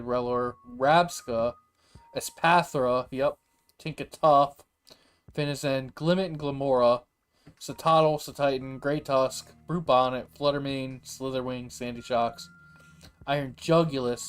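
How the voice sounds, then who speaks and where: A young man livestreaming, reading names aloud and reacting in an animated, chatty way. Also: mid-range voice, a little slow, clear, resonant tone. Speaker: streamer. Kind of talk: casual livestream chat.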